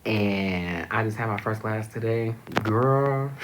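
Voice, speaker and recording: A young man chatting casually to camera as a vlogger, expressive, swinging high and loud, and at times dropping to a soft whisper. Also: heavy background noise.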